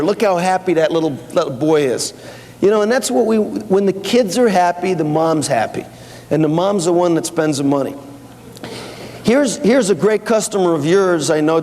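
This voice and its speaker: High-voiced man telling business stories. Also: darkish tone. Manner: storytelling, quoting dialogue back and forth; conversational, with fillers and restarts. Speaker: guest speaker at a company seminar. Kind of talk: anecdotal business talk. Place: seminar hall with audience. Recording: long hall reverb.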